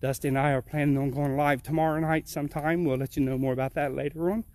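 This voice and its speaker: Male pastor, high-pitched, earnest repeating cadence, a bit winded on an outdoor walk. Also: steady tone, fast talker, a little mellow. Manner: earnest, repetitive preaching cadence. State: slightly out of breath from walking uphill. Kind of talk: outdoor livestream devotion. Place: outdoors on a rural hill.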